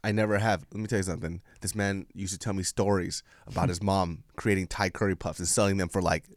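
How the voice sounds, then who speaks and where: A man's voice: low voice, steady tone, fast talker, no echo, clean studio sound. Teasing, sarcastic male podcast co-host. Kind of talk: casual chat.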